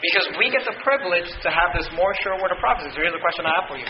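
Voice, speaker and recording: Guy pastor preaching in a church, high voice, kinda muffled recording w faint hiss. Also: expressive, racing. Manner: preaching, climbing to shouts when quoting scripture. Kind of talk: sermon. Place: church sanctuary. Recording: roomy, dull church recording.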